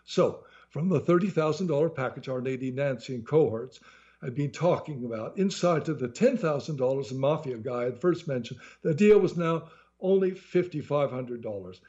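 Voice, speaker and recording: A man's voice: medium pitch, expressive, moderate pace, mellow, highs cut off. A man reading his own humorous memoir aloud in a sardonic storytelling manner.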